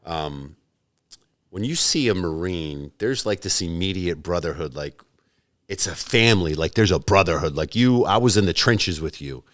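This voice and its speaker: A man's voice: deep voice, animated, moderate pace, fairly bright tone, dry recording. A man in his forties, a podcast guest in casual chat, swearing freely and acting out both sides of remembered conversations. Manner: profane, storytelling, acts out both sides of conversations.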